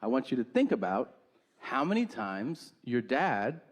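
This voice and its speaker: A man's voice: mid-range voice, sing-song, a little slow, breathy edge. A man doing stand-up comedy, telling a story with incredulous delivery and acting out both sides of the dialogue. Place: live comedy venue with audience. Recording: live show with audience noise.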